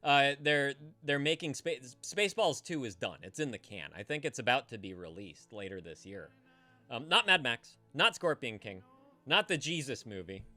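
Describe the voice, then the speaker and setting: Animated, bright-voiced male streamer. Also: medium pitch, moderate pace, soft background music. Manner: rambling, profane, stammers and restarts. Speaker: streamer hosting a call-in show. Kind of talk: casual live-stream chat.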